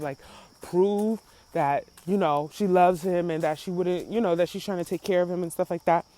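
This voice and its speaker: A woman's voice: on the low side, darkish tone. A woman hosting a casual commentary chat, rambling with many fillers and acting out quotes. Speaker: commentary host.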